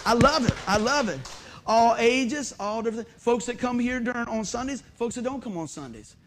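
High-voiced, animated pastor. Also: male voice, normal speed. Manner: animated storytelling, loud shouted bursts. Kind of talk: sermon. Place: church sanctuary.

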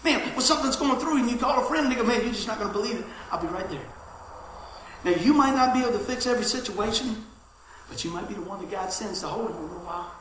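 A middle-aged pastor preaches in a bright, high voice. He tells stories, shifting from loud calls to quiet asides. His sermon rings through a very echoey church hall. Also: fast talker, slight background noise. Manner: lively storytelling, swings from shouting to hushed asides.

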